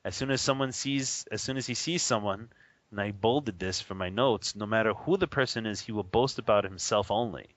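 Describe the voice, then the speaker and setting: Laughing, animated male Buddhist teacher. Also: lowish voice, fairly quick, dull audio. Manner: animated, laughs often, acts out quoted voices. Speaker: Buddhist teacher on a radio show. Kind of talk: casual teaching talk.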